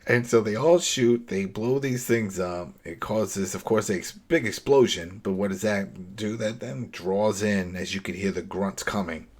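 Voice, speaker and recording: A podcast co-host chats casually and animatedly while recapping scenes from an episode, laughing and throwing out rhetorical questions. His voice sits low, at a measured pace with hardly any pauses.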